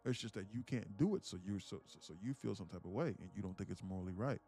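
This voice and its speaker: A man talking to his live-stream audience in a rambling, excitable way, repeating himself and swearing. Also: fairly low pitch, fast, faint music behind. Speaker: day trading streamer. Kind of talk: casual live-stream commentary.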